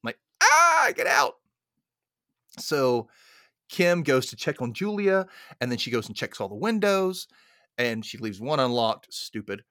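A man hosting a podcast, recapping a movie in casual chat as an animated, laughing storyteller. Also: mid-range voice, normal speed, no room sound, clean studio sound. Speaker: podcast host.

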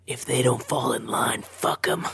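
A woman voicing a secretive, ruthless dwarf who lives in the sewers, speaking in a curt, menacing, raspy whisper during a tabletop game. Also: a bass voice, flat delivery, measured pace, full character voice. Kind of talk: tabletop role-play.

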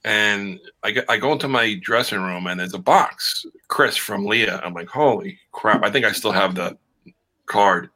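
A man with a fairly low, bright, forceful voice, telling stories as an actor guest. He talks casually and animatedly, acting out the lines of the people in his stories. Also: normal speed. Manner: animated storyteller who acts out quotes. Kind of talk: casual chat.

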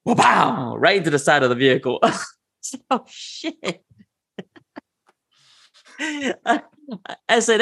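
A man from the Pacific islands talks in a loose, slangy way, laughing through his stories. His voice sits a bit high for a man. The recording is dry and close. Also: animated, a little slow, long pauses, pushed and bright, no room sound. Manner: laughing storyteller, slangy, says man a lot. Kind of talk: casual podcast chat.

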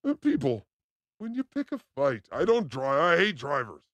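A man co-hosting a video reaction show in casual chat, given to loud excited outbursts and crude jokes. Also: on the high side, moderate pace, over music.

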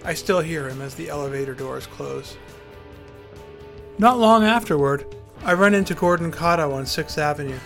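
A man's voice: fairly high pitch, lively intonation, moderate pace, vocal fry, a bit bright, soft background music. A man telling a first-person story with acted dialogue in a dry, wry, articulate way, and hosting his podcast.

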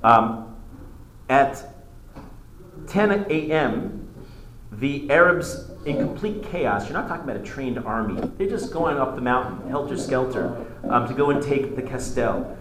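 A male history teacher lecturing a class, telling the story in an animated way with many restarts. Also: mid-range voice, a little slow, crowd noise. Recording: echoey classroom with faint noise.

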